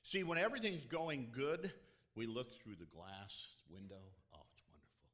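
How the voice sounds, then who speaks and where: A male pastor preaching a sermon, talking straight to the congregation and swinging from loud emphasis to hushed whispers. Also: medium pitch, sing-song, normal speed. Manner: conversational, addresses the congregation directly.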